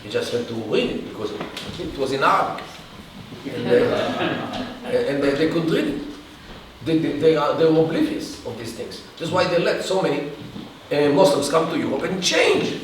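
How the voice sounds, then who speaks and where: Man, halting lecture answer, restarts, distant mic, roomy echo, faint hiss. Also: a little high, animated. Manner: halting, restarts and long pauses. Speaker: guest speaker. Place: event hall. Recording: echoey room from far off, faint hiss.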